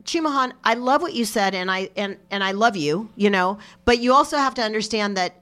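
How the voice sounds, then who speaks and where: A woman's voice: mid-range voice, fairly quick. A woman guest on a talk podcast, telling a long personal story in a casual way, laughing often and acting out other people's lines. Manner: laughs often, quotes others in animated voices.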